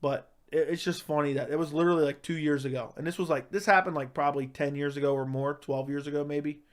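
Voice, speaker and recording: A man telling a comic story in a deadpan tough-guy way, with lots of "right?" and "like". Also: on the high side, fast talker. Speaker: comedic storyteller. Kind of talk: casual storytelling monologue.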